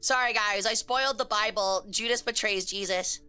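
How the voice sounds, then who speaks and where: Bright, crisp-voiced woman streamer. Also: mid-range voice, normal speed, soft background music. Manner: slangy, joking, reacting to chat. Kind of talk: casual live-stream chat.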